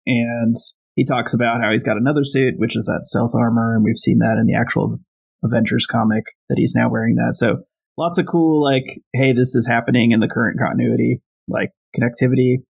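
Casual podcast co-host, male, husky gravelly voice, rambling plot recaps full of "like" and "you know.". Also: mid-range voice, fairly even intonation, fairly quick, a little mellow, low-quality recording. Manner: recaps plot with many fillers and quoted paraphrase. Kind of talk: casual comic book discussion.

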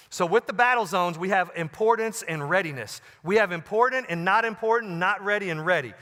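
A male pastor preaching a sermon, swinging from loud emphasis to quiet, low asides. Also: in a large hall. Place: large church auditorium.

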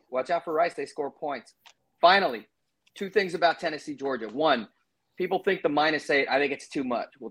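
A man of middle pitch talks through his college football picks in a casual, rambling way. He fills gaps with "uh" and side remarks, and his voice sounds like an everyday podcast voice. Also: fairly bright tone, husky. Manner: loose and chatty, lots of fillers and asides. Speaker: podcast co-host making betting picks. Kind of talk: casual sports-betting chat.

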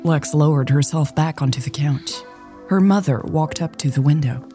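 A woman hosting a romance podcast and reading a story in a calm, measured way. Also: low-pitched, faint music behind. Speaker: podcast host and narrator. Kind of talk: audiobook story narration.

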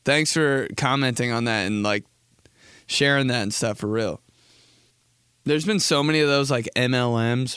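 A man's voice: medium pitch, smooth, no echo. A young man hosting a podcast, talking through a rambling comedic monologue from a studio, laughing often and calling his listeners dude and bro. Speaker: podcast host.

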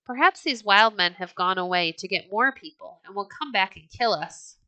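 A woman's voice: medium pitch, lively intonation, normal speed, sharp tone, rough recording. A woman reading a children's storybook aloud, voicing a frightened Viking settler woman in an anxious, pleading way. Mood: fearful.

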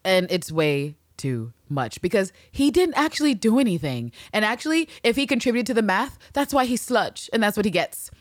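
A woman co-hosting a casual recap podcast, talking in an animated, profane way and acting out scenes as she goes. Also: medium pitch, moderate pace, few pauses, dry recording, studio quality. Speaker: podcast co-host.

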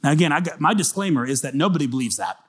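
Seorang pendeta pria berkhotbah dengan gaya bercerita yang santai dan hidup, suaranya agak tinggi untuk seorang pria. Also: male voice, on the high side, very fast, husky. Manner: conversational, animated storytelling. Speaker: pastor. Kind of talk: sermon.

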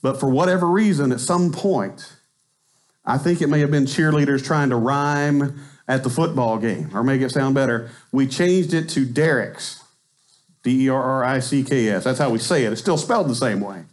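A man, raised in Arkansas, preaching a chatty sermon in a church, joking as he goes and acting out quotes with a lifted voice. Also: moderate pace. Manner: chatty, joking asides, acts out quotes with rising pitch. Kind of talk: conversational sermon. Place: church sanctuary.

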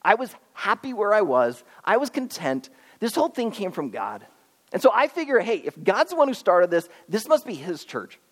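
Male pastor, sermon, earnest and animated, lively pitch swings, long hall reverb. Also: normal speed. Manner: animated, earnest, pleading preaching with swings between loud and hushed. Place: church auditorium.

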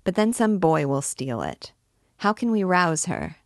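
A woman reading aloud voices a kind-hearted, insistent townswoman who talks in a gentle, coaxing way. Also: lowish voice, sing-song, a little slow, no room sound, studio quality.

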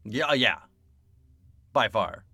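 Slow, bright-voiced male podcast host. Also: lowish voice, animated, breathy edge, no echo, clean studio sound. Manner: playful, laughing, emphatic. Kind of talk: casual podcast hosting.

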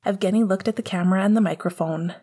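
A woman narrating an audiobook chapter in a calm, even storytelling manner. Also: medium pitch, fast, breathy edge. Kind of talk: audiobook narration of fan fiction.

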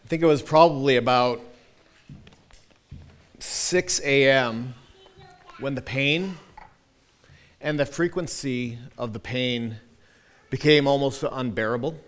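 A man in his thirties, a pastor, telling a personal story in a sermon with animated, self-deprecating humor and many restarts. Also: mid-range voice, slow, long pauses.

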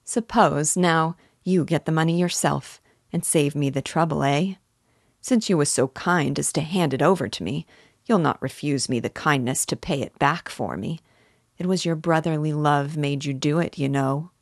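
A woman's voice: low voice, normal speed, no room sound, clean studio sound. A woman reading the lines of a mocking, tipsy young man who sneers at his brother.

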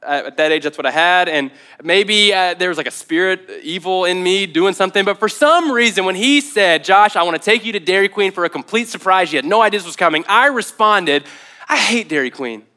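A young man preaching a sermon as pastor, telling a personal story in an animated, conversational way. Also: high voice, fairly quick, clean tone. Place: church.

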